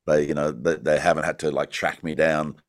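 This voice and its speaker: A man's voice: very deep voice, level tone, a little fast, dry recording, studio quality. A middle-aged man with an Australian accent, a guest in a casual interview, rambling through his stories with lots of "you know" and laughs along the way. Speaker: actor guest.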